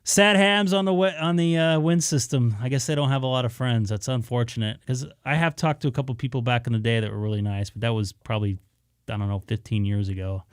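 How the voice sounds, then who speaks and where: Easygoing male streamer, mid-pitched, crisp clear voice, rambling talk to his viewers. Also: a little fast, no room sound, clean studio sound. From Southern California. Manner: rambling, many "uh" fillers, easygoing. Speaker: ham radio live streamer. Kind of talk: casual live-stream chat to viewers.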